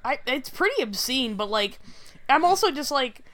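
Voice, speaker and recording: Woman co-host, casual chat, dry sarcasm, a touch higher voice. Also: big pitch swings, moderate pace, a bit bright. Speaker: podcast co-host.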